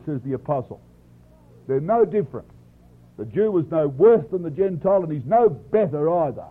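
A man's voice: sits high, animated, moderate pace. A man preaching a sermon, expounding scripture in an earnest, emphatic way and often addressing the congregation directly. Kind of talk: sermon, Bible exposition. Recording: tinny phone-like lo-fi recording.

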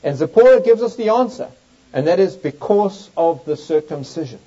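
A man preaches through a Bible passage, reading the old verses aloud with strong, rising emphasis. His voice sits fairly high and sounds mellow and warm. The recording is dull and lo-fi. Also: lively intonation, moderate pace. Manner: reads scripture aloud with emphatic, swooping delivery. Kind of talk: Bible teaching sermon. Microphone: overhead projector in use, lecture setting.

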